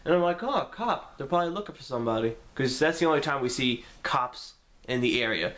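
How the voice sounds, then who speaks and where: A young man telling a story to the camera in a casual, profane way, acting out his own lines with sudden jumps in pitch. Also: fairly bright tone. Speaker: vlogger.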